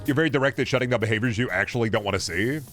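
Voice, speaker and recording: A man's voice: medium pitch, racing, a bit bright, faint music behind. A man streaming a game, chatting casually in a rambling, profane, jokey way.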